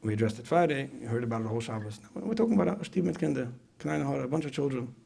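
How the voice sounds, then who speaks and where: Gravelly fast-talking male lecturer. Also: medium pitch, lively intonation, warm tone. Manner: repeats phrases, asks the audience questions. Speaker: speaker at a parenting retreat. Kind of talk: conversational lecture.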